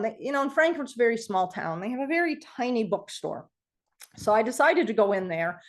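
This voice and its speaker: A middle-aged woman telling a personal story to a group, animated and acting out the voices of the people in it. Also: mid-range voice. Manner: animated storytelling, acts out quoted voices, laughs often. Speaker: guest speaker on self-healing.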